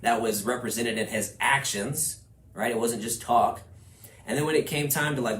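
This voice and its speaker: A man from Houston giving a class to real estate agents, energetic, acting out little quoted conversations as he talks. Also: medium pitch, moderate pace, a little hiss or hum. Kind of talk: class lecture. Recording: echoey room with faint ambience.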